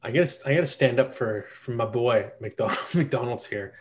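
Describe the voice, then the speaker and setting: Man, podcast host, mid-range voice, casual chat, quizzing co-hosts. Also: mid-range voice. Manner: quizzing his co-hosts with quick questions.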